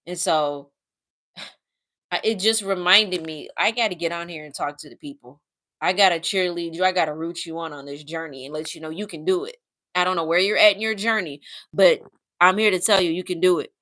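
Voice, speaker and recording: Reading viewer comments aloud, a woman from the U.S. Midwest hosts a casual livestream in an earnest, emotional way. She has a mid-range voice with a bright, forceful tone.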